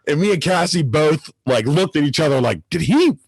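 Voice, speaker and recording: A man co-hosting a podcast, chatting in a laid-back way, laughing easily and breaking into loud exclamations. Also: on the high side, animated, fairly quick, husky, no room sound. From Pittsburgh, USA. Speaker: podcast co-host. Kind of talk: casual chat.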